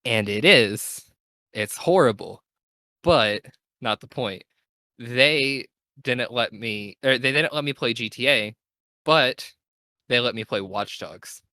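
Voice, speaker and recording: A man's voice: medium pitch, takes it slowly, long pauses, sharp tone, no room sound. A young man hosting a casual gaming podcast, talking in an enthusiastic, rambling way and correcting himself as he goes. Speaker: podcast host.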